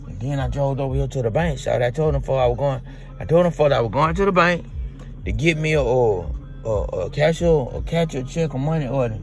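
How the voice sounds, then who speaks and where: A man's voice: mid-range voice, fast, faint music behind. A man rambling through a comedic monologue from inside a truck, tacking "boy" and "shawty" onto his lines. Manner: rambling, drawling, peppers talk with "boy" and "shawty". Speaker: comedic character vlogger.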